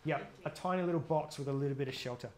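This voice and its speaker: A man's voice: a little high, fast. A man giving a chatty, jokey outdoor safety workshop, often quizzing his audience. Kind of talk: live gear workshop talk.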